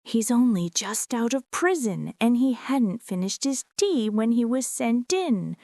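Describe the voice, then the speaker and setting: A woman voicing a kindly male messenger in a hushed whispered role-play from a storybook. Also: mid-range voice, big pitch swings, slow, no echo, studio quality. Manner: hushed, affectionate.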